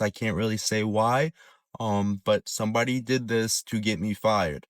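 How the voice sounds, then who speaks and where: Halting low-voiced man, dry sound. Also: steady tone, no echo. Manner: halting, hesitant, repeating words. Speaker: content creator. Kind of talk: casual vlog confession.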